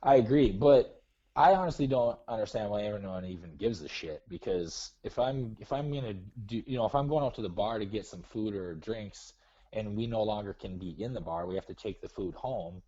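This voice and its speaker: Low, mellow-voiced man grumbling on a dull line. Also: fairly quick. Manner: grumbling, self-deprecating. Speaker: caller. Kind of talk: casual chat.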